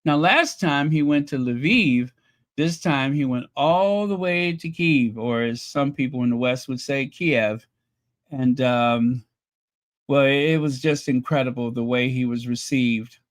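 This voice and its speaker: A man hosting a casual livestream, chatting with viewers in a mocking, rambling way full of pauses and fillers. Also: medium pitch. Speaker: channel host reading super chats.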